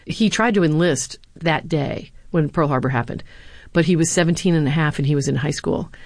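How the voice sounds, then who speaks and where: A woman's voice: deep voice, brisk, vocal fry, no echo. A woman who was a speechwriter and now lectures, answering interview questions with earnest anecdotes and a few fillers. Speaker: former presidential speechwriter and university lecturer.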